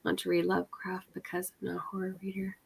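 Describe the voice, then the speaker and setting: A woman's voice: fairly low pitch, completely flat delivery, fast, gravelly, slightly rough. A young adult woman chatting casually with friends on a call, full of fillers and laughter. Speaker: readathon participant. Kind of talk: casual video-call chat.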